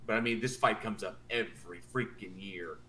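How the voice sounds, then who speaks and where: A man's voice: fairly low pitch, moderate pace, bright, forceful tone, slight background noise. A man co-hosting a casual podcast, speaking bluntly and with emphasis.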